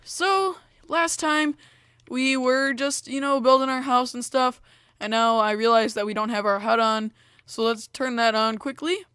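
Young female let's-play host, rambling casual commentary, slightly high voice, dry close sound. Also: steady tone, unhurried, a bit bright, smooth, no echo. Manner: chatty, rambling, many fillers like "like" and "you know". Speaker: gaming video host.

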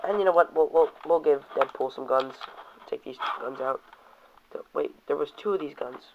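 A man's voice: fairly high pitch, moderate pace, noisy background. A young man casually reviewing toys, rambling and cursing now and then, reading comic panels aloud in put-on voices. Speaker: toy reviewer. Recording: dull lo-fi home video audio.

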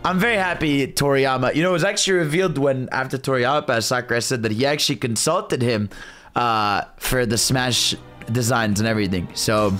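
A young man hosting a casual stream, reacting excitedly to game presentations, laughing and swearing. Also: medium pitch, fairly quick. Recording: music from the video behind.

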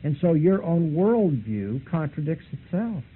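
A man's voice: fairly high pitch, very animated, a little slow. A man giving a seminary apologetics lecture, telling a debate story with emphatic, argumentative delivery. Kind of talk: apologetics lecture with retold dialogue. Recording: tinny phone-like lo-fi recording with faint hiss.

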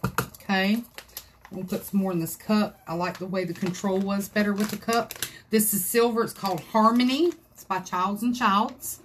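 A woman's voice: medium pitch, steady tone, moderate pace. Woman host, folksy live craft demo, chatty with viewers, faint home room noise in the background. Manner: chatty, folksy, talks to viewers as she works. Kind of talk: live-stream craft tutorial. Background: dogs scratching in another room.

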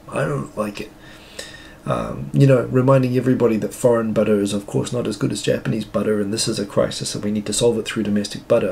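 Exasperated, gravelly-voiced New Zealand man ranting. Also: fairly low pitch, darkish tone, a little hiss or hum. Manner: exasperated, rambling, sarcastic. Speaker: live stream host. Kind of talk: casual ranting commentary.

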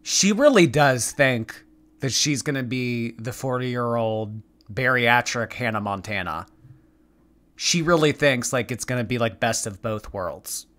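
A man's voice: medium pitch, animated, measured pace, fairly bright tone. A man giving sarcastic reaction commentary, mocking what he watches. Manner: snarky, mocking.

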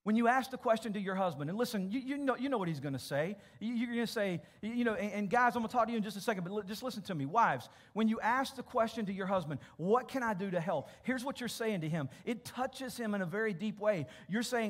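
A man's voice: high voice, expressive, fast talker, hardly any pauses. A pastor preaching a sermon to his church congregation, emphatic and direct, often repeating words as he addresses families. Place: church auditorium.

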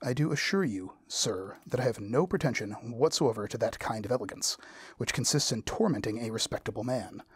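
A man reading the lines of a spirited young woman firmly refusing a proposal, with a husky voice. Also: medium pitch, lively intonation, brisk, dry recording. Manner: firm and exasperated refusal.

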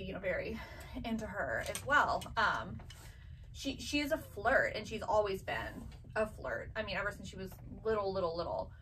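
A woman in her thirties, a vintage box seller and mother, chats casually, telling family stories and imitating her children's voices. Her medium-pitched voice sounds pushed and bright. The mic is distant and the recording rough, with a little hiss or hum.

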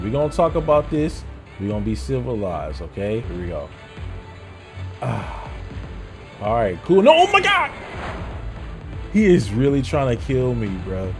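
A young man streaming a video game, loudly and excitedly talking back to the characters on screen in casual, swearing slang. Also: mid-range voice. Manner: loud, animated, talks to game characters. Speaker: gameplay streamer. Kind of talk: excited gameplay commentary.

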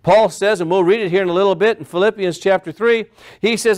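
Guy pastor preaching hard, kinda high voice, keeps hammering the same lines. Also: brisk, darkish tone. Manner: impassioned preaching, repeating phrases with rising emphasis. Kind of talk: sermon.

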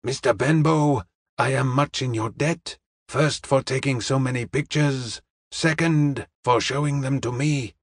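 A man's voice: mid-range voice, slightly rough, no echo, clean studio sound. A man voicing a courteous middle-aged male detective who speaks formally and evenly. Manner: polite, formal, measured.

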